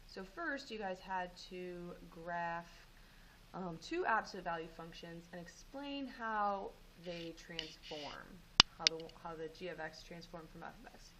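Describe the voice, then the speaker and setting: A woman teaching math, going over homework and walking students through steps in a relaxed way with frequent ums. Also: fairly low pitch, unhurried, background noise. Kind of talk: homework review and lesson.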